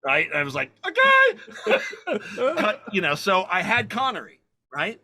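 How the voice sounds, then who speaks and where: A man in his sixties, a film director as a guest, telling lively anecdotes, acting out quotes and swearing casually. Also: a little high, a little fast. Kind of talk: animated anecdote storytelling.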